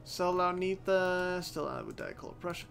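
A man giving casual, unscripted let's-play commentary as the channel host, swearing freely, thinking out loud and often restarting his sentences. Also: sits high, normal speed, gravelly. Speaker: host of a strategy game channel. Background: faint background music.

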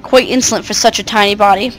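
A woman's voice: mid-range voice, steady tone, fast, fairly bright tone, faint music behind, lightly acted, poor audio. A woman voicing a haughty, scornful ancient mother of darkness, reading her game dialogue aloud.

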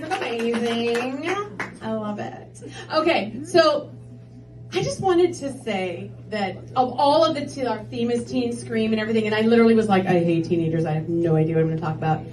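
A woman doing a stand-up comedy set on a club stage, chatty and rambling with lots of filler words. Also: high-pitched. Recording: roomy club from a distance, loud crowd.

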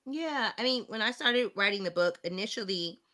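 A woman author and college professor, a guest in an interview, telling stories in a lively way and acting out the voices of other people. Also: medium pitch, normal speed. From outside the United States. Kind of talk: animated interview conversation. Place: home, video call.

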